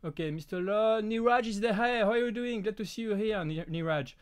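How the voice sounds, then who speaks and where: A man from France with a French accent, whose first language is French, hosting a casual live Q&A and talking in halting bursts full of restarts. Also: sits high, clear, resonant tone. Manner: halting, frequent restarts and fillers. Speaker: live stream host.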